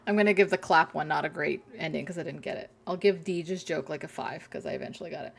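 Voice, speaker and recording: Gravelly low-voiced woman streamer. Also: fast talker. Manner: chatty, giggly, reading chat jokes aloud. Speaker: game streamer. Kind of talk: casual live-stream chat.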